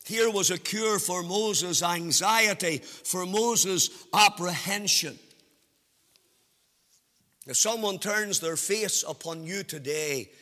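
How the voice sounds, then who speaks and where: A man preaching a sermon in a measured, emphatic way, with sing-song rises and drawn-out phrases. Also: high voice, sharp tone, in a large hall.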